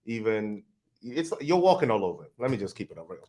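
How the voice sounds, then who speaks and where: A man's voice: lowish voice, sing-song, fairly quick, mellow. A man hosting a podcast, talking casually and giving blunt, direct advice. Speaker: podcast host. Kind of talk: casual chat.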